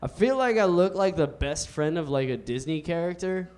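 A young man with a notably high speaking voice works a comedy club stage, talking into a handheld mic. His delivery is loose and laid-back, stretching out the punchlines of a stand-up set. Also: animated, normal speed, a little mellow. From United States.

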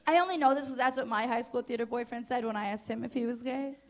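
A woman's voice: fairly high pitch, fast talker. A young woman from New Jersey doing a stand-up comedy set on a club stage, casual and crude, with hesitant fillers and self-mocking asides.

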